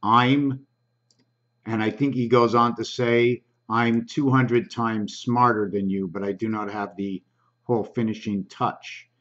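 A man hosting his own channel, slowly reading comments aloud in a halting, casual way with frequent ums. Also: fairly low pitch, fairly even intonation, a bit bright, highs cut off.

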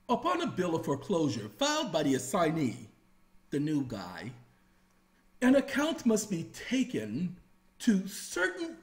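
A folksy man gives a casual spoken lecture, reading legal passages aloud and then breaking them down. His voice sits high. His pitch swings a lot as he talks. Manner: folksy, animated, reads legal text aloud then explains. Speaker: self-taught legal lecturer.

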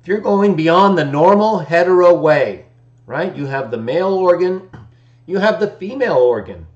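A man's voice: sits high, animated, normal speed, a little mellow. Argumentative man hosting a Bible stream. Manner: argumentative, keeps asking "right?" with short chuckles. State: voice not fully warmed up in the morning. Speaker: host of a daily Bible-text live stream. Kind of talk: casual preaching commentary. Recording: echoey room, dull lo-fi stream audio.

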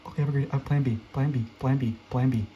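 A young man giving excitable live commentary while playing a game, his voice jumping up high when he gets scared. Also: fast talker, lo-fi sound, slight background noise. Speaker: gaming video creator.

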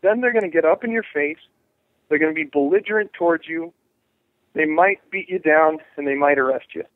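A man's voice: a little high, brisk, no echo. A man being interviewed as a jury rights activist, talking animatedly, restarting phrases and acting out the voices of others. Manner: animated, acts out quoted voices, many restarts. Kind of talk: interview over phone. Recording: tinny phone line.

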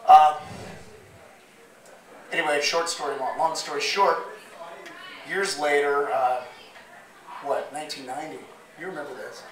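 A man with a slightly hoarse voice telling a rambling, profane story live on stage. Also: medium pitch, normal speed. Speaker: spoken word performer. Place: bar or club stage. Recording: roomy live recording from far off. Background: crowd murmur.

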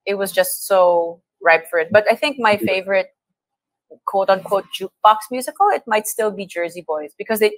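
A woman's voice: mid-range voice, normal speed, dry recording. Effusive woman guest on a radio show. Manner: effusive, animated, repeats words. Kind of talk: casual radio chat. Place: radio studio. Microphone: studio mic.

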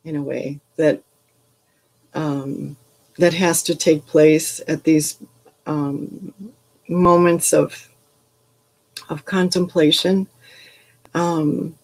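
A woman's voice: low-pitched, a little mellow, breathy edge, poor audio. An older woman, a retired English professor, leads a poetry workshop over a video call, speaking thoughtfully with frequent ums and restarts. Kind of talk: reflective workshop talk with poetry readings.

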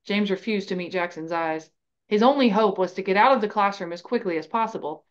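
A woman of medium pitch reads fan fiction aloud for her podcast. Her narration stays level and steady, though the audio is a bit dull.

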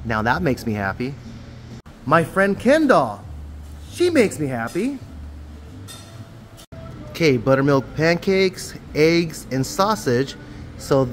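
A man's voice: on the high side, slight background noise. A man vlogging from an outdoor summer camp, rambling in an upbeat, self-deprecating way as a camp counselor. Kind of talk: casual vlog talk to camera.

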